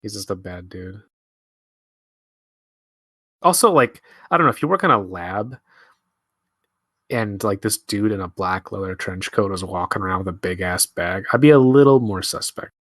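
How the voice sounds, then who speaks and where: A man's voice: low-pitched, lively intonation, moderate pace, pauses often, a bit bright, dry recording, studio quality. A young man giving casual, laid-back movie commentary, musing aloud and swearing freely. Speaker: film commentary host.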